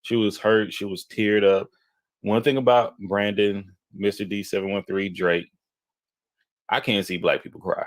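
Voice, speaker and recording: A young man tells a story in a rather low voice. He acts out the people in it as he goes, and the recording is close and dry. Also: unhurried, no echo. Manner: animated storyteller who acts out quotes. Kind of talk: casual storytelling chat.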